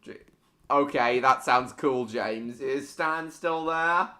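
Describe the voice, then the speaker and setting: A man's voice: medium pitch, slow, pushed and bright. A man streaming video games live, talking casually in a giggly, silly, self-mocking way.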